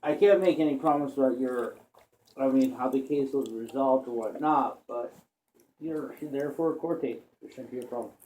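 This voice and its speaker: A man's voice: medium pitch, normal speed, warm tone, a little hiss or hum. Distant, echoey cautious male attorney. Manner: cautious, hedging. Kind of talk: casual conversation. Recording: distant echoey room recording.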